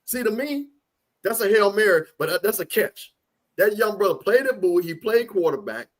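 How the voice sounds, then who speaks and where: Man co-host with a high voice, emphatic and repetitive, casual sports talk. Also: very animated, normal speed. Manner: emphatic, repeats points for stress.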